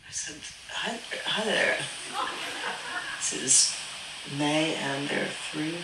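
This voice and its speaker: Slow mumbling woman on a distant, hissy recording. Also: low-pitched. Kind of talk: sleep talking recorded on a phone app. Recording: distant, echoey, loud hiss.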